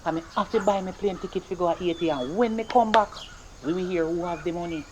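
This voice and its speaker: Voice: medium pitch, noisy background, lightly acted. Performer playing a bossy Jamaican mother. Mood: scolding. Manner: scolding, bossy, rapid patois. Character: stern broke Jamaican mother scolding her son. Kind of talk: comedy skit acting.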